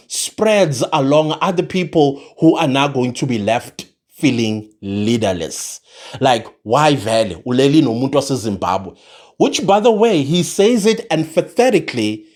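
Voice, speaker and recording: A man's voice: on the high side, a little mellow. A man, delivering an impassioned political commentary monologue, emphatic and repeating his points for force. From South Africa.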